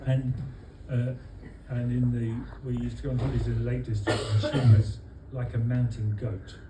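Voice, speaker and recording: A man from London giving a humorous birthday speech for his wife to friends at a restaurant, with dry comic timing and many pauses. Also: medium pitch, noisy background. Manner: deadpan comic timing, halting with fillers. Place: restaurant dining room with guests. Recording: echoey room, voice from far off. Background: guests laughing.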